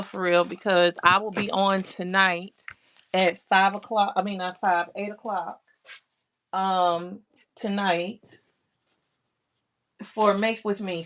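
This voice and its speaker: A woman's voice: mid-range voice, vocal fry, a bit bright, a little hiss or hum. A woman hosting a casual crafting livestream, greeting viewers by name, reading their comments aloud and talking herself through her work. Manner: talks to herself while working on crafts.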